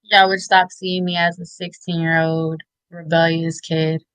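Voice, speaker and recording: A woman in her thirties giving tearful, heartfelt shout-outs in an interview, halting with many fillers. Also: low voice, flat delivery, no room sound, low-quality recording. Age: 30s. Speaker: interview guest.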